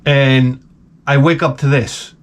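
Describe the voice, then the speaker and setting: A man's voice: medium pitch, steady tone, takes it slowly, slight background noise. Rambling middle-aged man telling stories. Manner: rambling, self-mocking, swears freely. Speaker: vlogger. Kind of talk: casual storytelling to camera.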